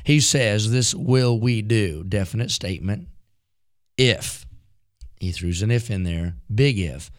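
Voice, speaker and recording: A man preaching a sermon from rural mountain country, building fervent rhythmic repetitions. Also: on the low side.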